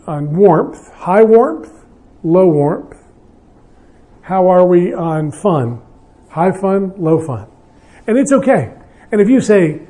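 A man's voice: sits high, mellow. An older man, a pastor, giving an evening marriage talk to an audience in a conversational, self-deprecating way with frequent restarts.

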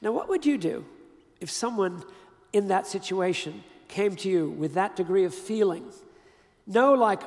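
An older man preaches in a high, gravelly voice, telling his story conversationally and leaning hard on key words. His voice rings out with a long reverb, as from a big hall. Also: expressive. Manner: conversational, emphatic storytelling with pauses and restarts. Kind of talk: storytelling sermon.

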